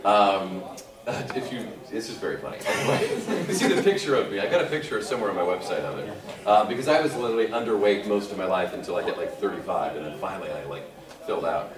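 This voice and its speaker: A man's voice: low-pitched, animated, fast talker. A middle-aged man, a guest voice actor on a convention panel, telling a rambling anecdote with chuckles and restarts. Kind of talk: casual anecdote told to an audience. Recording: echoey hall, distant mic, crowd. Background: audience murmur and laughter.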